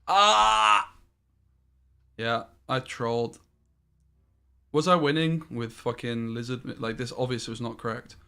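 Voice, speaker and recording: A man's voice: medium pitch, fairly even intonation, moderate pace, fairly bright tone. A man streaming a card game live, thinking aloud about each play and swearing casually as he goes.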